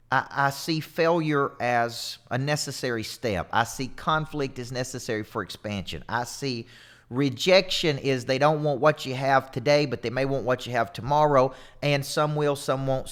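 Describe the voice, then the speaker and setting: Energetic man giving a motivational talk. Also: medium pitch. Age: 40s. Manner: energetic, emphatic, repeats himself. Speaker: motivational coach.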